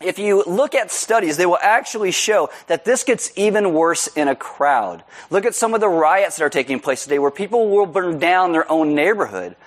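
A man delivers a sermon in a fairly high voice. He is joking and self-mocking, and he acts out stories in loud, high shouts. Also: animated, normal speed, hardly any pauses. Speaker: pastor. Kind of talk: sermon with storytelling.

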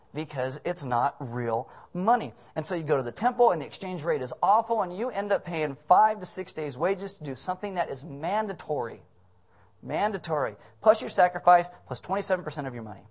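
A man preaching a sermon with punch and humor. He drives each point home by repeating it, then eases off with a joke before pressing on. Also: a little high. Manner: emphatic and jokey, repeats key phrases. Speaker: pastor.

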